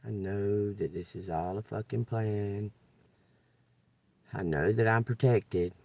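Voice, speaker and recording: A woman's voice: extremely low pitch, slow, creaky, a little mellow, no room sound. A woman ranting in a profane, agitated way, recorded a little away from the mic in a dry car. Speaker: tarot reader. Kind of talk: unscripted venting vlog.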